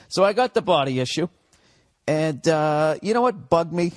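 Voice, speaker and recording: A man's voice: a little high, expressive, measured pace, no room sound. A middle-aged man with a Boston accent ranting solo on his podcast, profane and sarcastic, asking and answering his own questions. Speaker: podcast host. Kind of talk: solo comedic rant.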